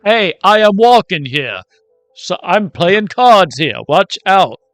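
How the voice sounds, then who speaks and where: A man's voice: high voice, big pitch swings, slow, no room sound, faint music behind, voice pushed up, exaggerated voice. A man voicing a brash card-playing woman in a put-on New York accent for a tabletop game. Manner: loud, brash.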